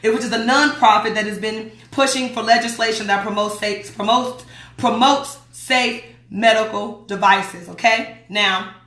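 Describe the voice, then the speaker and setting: A woman's voice: on the high side, steady tone, moderate pace, a bit bright, roomy sound. A woman hosting a radio show, reading a newsletter aloud in a chatty, emphatic way and talking back to her listeners. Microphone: streaming mic.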